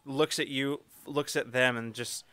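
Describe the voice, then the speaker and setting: A man's voice: medium pitch, fairly even intonation, unhurried, fairly bright tone, clear, resonant tone, no echo. A man narrating a tabletop game as game master in a casual, rambling way with many fillers. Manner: casual, filler-heavy narration with frequent laughs.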